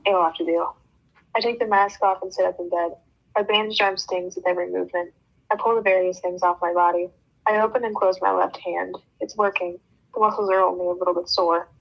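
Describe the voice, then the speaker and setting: Woman reading a novel aloud, lo-fi. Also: fairly low pitch. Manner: reads expressively, breaks off for joking comments. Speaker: book club reader. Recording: dull lo-fi sound.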